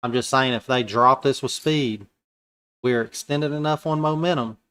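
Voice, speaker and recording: Narrating his futures trades in real time, this man speaks in a loose, conversational way packed with slang, musing aloud. His voice has an ordinary pitch and a clean tone, delivered at a normal speed.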